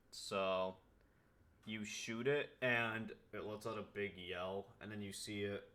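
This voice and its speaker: Deep-voiced man running a tabletop game. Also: a bit bright. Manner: loose, filler-heavy narration with frequent "like". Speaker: game master.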